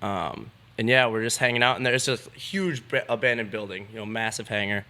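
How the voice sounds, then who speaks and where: A young man with a low-ish, bright, forceful voice spins a story as a podcast guest. He sounds laid-back and casual, swears freely and fills his talk with "like". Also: a little fast. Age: young adult. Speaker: BMX rider, podcast guest.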